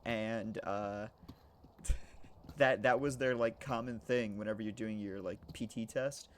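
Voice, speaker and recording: A man's voice: on the low side, steady tone, takes it slowly, slight background noise. A man chatting casually to his viewers during a game stream, joking and swearing as he rambles. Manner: joking, profane, rambling, laughs often; talks to chat. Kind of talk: casual live-stream chat while gaming.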